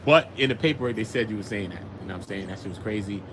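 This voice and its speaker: A young man from Brooklyn with a New York accent, hosting a casual commentary show in an animated, slangy, riffing way. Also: lowish voice, racing, noisy background. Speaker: show host.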